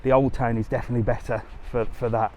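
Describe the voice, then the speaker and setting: A travel vlogger talks fast in a mid-range, darkish voice with a flat delivery as he walks an outdoor tourist strip by the sea. During the live vlog he chats with viewers, answers their questions and responds cheekily to comments on the go. The clip is shot on a handheld camera while walking, with light street noise outdoors.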